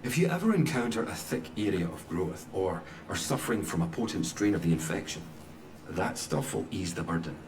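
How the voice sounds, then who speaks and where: A secretive scientist in a video game, his deep voice rising and falling in a lively, measured way as he hands out orders. The sound is roomy and heard from a little way off, like game audio playing back. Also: distant mic. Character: cryptic male scientist sending the player on a task. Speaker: game character. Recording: echoey game audio, set back from the mic.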